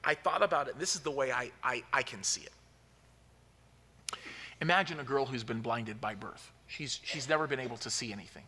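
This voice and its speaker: A man preaching a sermon as a pastor, telling a story and building to loud, emphatic peaks. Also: mid-range voice, normal speed, husky. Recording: long hall reverb.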